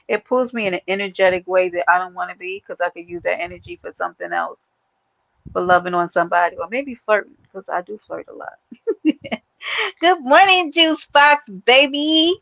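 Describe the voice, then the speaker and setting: A woman with a Brooklyn New York accent hosting a casual livestream chat, brash, profane and animated, laughing often. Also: fairly low pitch, creaky, dry recording, dull audio. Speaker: livestream host.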